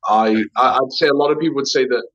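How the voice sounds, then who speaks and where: A man's voice: medium pitch, fast, fairly bright tone. Chatty man telling stories. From Liverpool, England. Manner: chatty storyteller, acts out quoted voices, many fillers. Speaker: actor and writer, guest. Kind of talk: casual interview chat. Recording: slightly dull lo-fi sound.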